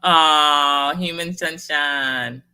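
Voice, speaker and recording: A woman hosts a relaxed livestream and talks her viewers through their comments. Her voice is bright and forceful, and she speaks slowly. She cheers people on in a folksy way and laughs often. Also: low voice, smooth. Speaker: livestream host. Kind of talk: casual livestream chat answering viewer comments.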